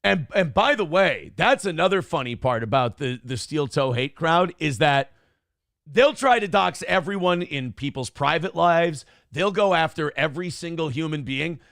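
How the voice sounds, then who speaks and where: A man rants through his morning show with brash, profane bravado. His voice sits a little high and carries a gravelly rasp. The sound is close and dry. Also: expressive, moderate pace, a bit bright, no room sound. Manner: brash, profane, boastful storytelling. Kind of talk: casual talk show rant.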